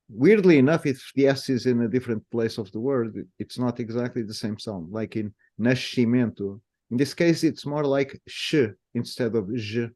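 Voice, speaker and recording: A man's voice: mid-range voice, warm tone. A man whose first language is Portuguese, speaking English with a Portuguese accent and patiently demonstrating how words sound. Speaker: language guest explaining pronunciation. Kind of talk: explanatory conversation.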